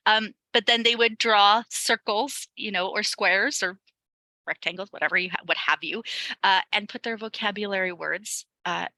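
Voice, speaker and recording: A woman's voice: medium pitch, bright, forceful tone, dry recording, low-quality recording. A woman teacher presenting an online training webinar for other teachers, chatty and upbeat, with many ums and light laughs. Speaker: ESL teacher leading a teacher webinar.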